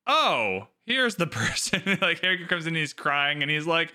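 Bright, clear-voiced young man, sarcastic. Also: sits high, brisk, hardly any pauses. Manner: animated, sarcastic, mimics characters with jokey voices. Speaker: podcast co-host. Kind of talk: casual book discussion.

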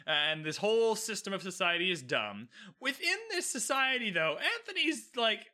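A man's voice: sits high, sing-song, normal speed, pushed and bright. A man giving a casual, opinionated recap of a TV episode, ranting emphatically and swearing freely. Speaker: TV recap host.

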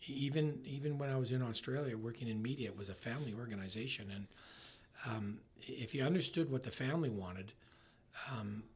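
A middle-aged man in a casual interview, talking in halting bursts with many restarts and trailing off softly. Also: medium pitch, slightly rough. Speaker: ski resort marketing executive, guest.

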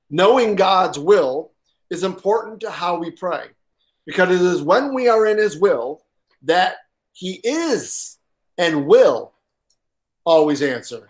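Slow, emphatic preaching man. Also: on the high side. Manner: emphatic, pauses for effect and repeats key points; halting with frequent uh fillers. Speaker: pastor. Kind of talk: sermon.

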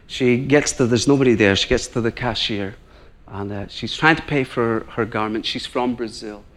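He has a mid-range voice and moderate pace, a Northern Irish man preaching a sermon as a guest. His storytelling is animated, and he plays out the people he quotes.

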